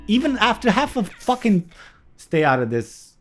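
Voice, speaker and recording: A man's voice: high-pitched, sing-song, normal speed, soft background music. Fiery, foul-mouthed man ranting. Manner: heated, swearing, emphatic rant. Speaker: vlogger. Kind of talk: candid profane monologue.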